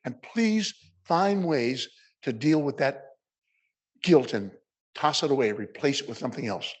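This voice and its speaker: An older man giving emotional closing remarks at a symposium, halting with many restarts and at times choked up. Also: mid-range voice, expressive, breathy edge. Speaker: symposium speaker.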